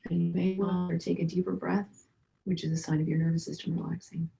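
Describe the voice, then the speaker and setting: A woman practitioner calmly guiding listeners through simple energy medicine exercises. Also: fairly low pitch, brisk, gravelly, soft background music. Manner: calm guiding instructions. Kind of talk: instructional talk. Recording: roomy echo.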